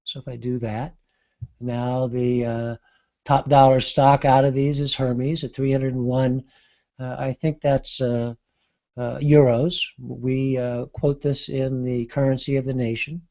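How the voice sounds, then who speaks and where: A man giving an unscripted software demonstration, thinking aloud with frequent pauses and fillers. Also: medium pitch, flat delivery, muffled recording. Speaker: market analyst demonstrating software. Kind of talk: unscripted screen-share demo.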